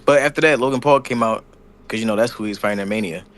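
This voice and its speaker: A man with a fairly low voice talks through a wrestling show in relaxed podcast chat. He tells it loosely, dropping slang and sound effects as he goes. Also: fast talker. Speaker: podcast co-host. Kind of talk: casual wrestling recap chat.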